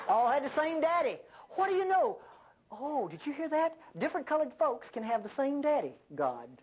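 An older woman preaching a sermon, with an animated delivery and folksy asides. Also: sits high, moderate pace, a little hiss or hum. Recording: dull lo-fi sermon recording.

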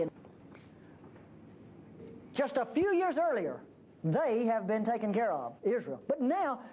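Older woman preacher, lively sermon delivery, folksy and emphatic, dull lo-fi church recording. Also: slight background noise. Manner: emphatic, folksy and teasing, with lively pitch swings.

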